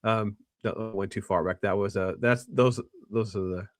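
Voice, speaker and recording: A man hosting a casual film discussion, rambling with restarts and animated quoting of characters. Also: fairly low pitch, normal speed, no room sound, clean studio sound. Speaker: podcast host.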